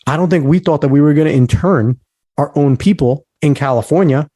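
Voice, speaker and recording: Emphatic, dark-voiced man host. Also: a little high, fairly quick, dry recording. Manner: heated, emphatic ranting; history lecturing. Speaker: podcast host. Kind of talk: casual podcast talk.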